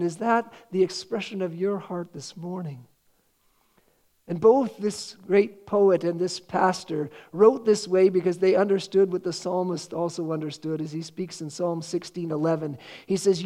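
A man's voice: high voice, warm tone. A man preaching a sermon, earnest and quoting scripture with rising emphasis. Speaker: pastor.

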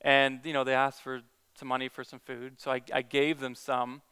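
A man's voice: mid-range voice, completely flat delivery, moderate pace, pushed and bright, clear, resonant tone. A man who is a Christian evangelist, earnestly telling a story in a casual talk, with many restarts.

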